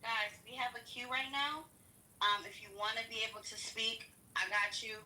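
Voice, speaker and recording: A woman moderating a live online discussion room, briskly managing the speaker queue. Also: fairly high pitch, bright, forceful tone, echoey room, recorded from a distance, rough recording.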